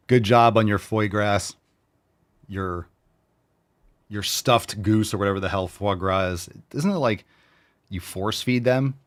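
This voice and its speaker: A man in his forties from New York hosting a fitness show, reading viewer meals aloud in a loud, brash, profane, riffing way. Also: lowish voice. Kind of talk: casual chat reading viewer posts.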